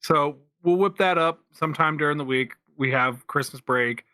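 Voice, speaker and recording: Bright-voiced man chatting on a podcast. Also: fairly high pitch, moderate pace, dry recording. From Pennsylvania, USA. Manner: rambling, lots of restarts and fillers. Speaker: podcast co-host. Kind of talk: casual chat.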